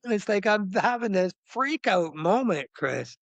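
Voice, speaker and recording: A man in his fifties telling his story as a podcast guest, animated, acting out quoted voices with big jumps in pitch and swearing freely. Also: normal speed, hardly any pauses, dry recording. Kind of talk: candid storytelling interview.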